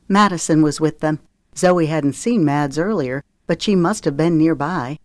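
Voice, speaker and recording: Woman reading a novel aloud, measured and expressive, low voice, dry sound. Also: dry recording. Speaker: audiobook narrator. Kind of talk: scripted audiobook narration.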